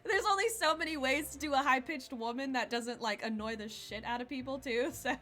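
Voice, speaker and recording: A woman's voice: high-pitched, a little fast, bright, forceful tone, faint music behind. A young woman streaming a game, chatting and laughing as she reads the dialogue aloud. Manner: chatty, laughing, reads character lines in voices. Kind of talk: game let's play, reading dialogue aloud.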